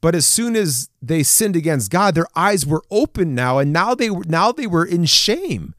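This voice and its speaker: A man's voice: high voice, moderate pace, no room sound, studio quality. A young man preaching a casual sermon, acting out the scripture figures and laughing now and then. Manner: animated, acts out scripture figures, chuckles.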